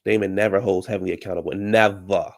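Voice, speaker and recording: A man with a deep voice and fairly even intonation talks fast while hosting a casual live recap of a reality show. Heated and ranting, he fields viewer comments and addresses the people on the show head-on.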